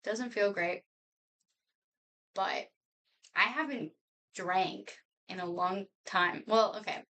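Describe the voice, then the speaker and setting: A woman's voice: mid-range voice, slow, bright, forceful tone, recorded from a distance, slight background noise. A woman in her twenties chatting casually to her live stream viewers at home, rambling and laughing often. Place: home room.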